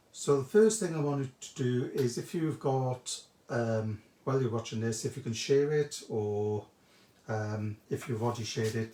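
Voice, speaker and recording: A man's voice: mid-range voice, darkish tone. A man hosting a live craft demonstration, chatting and greeting viewers by name as he works. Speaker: craft shop host demonstrating a technique. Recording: echoey room, faint background noise.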